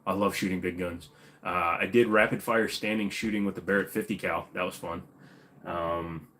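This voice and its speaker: Minnesotan male host, very low voice, blunt opinions, casual Q&A. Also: fairly even intonation, moderate pace, pushed and bright, a little hiss or hum. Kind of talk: casual livestream Q&A.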